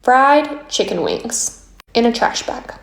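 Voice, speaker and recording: A woman's voice: fairly high pitch, wildly swooping pitch, takes it slowly, creaky, roomy sound. A woman casually telling a story to camera about her neighbor, matter-of-fact and step by step. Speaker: homeowner telling a story in a social video.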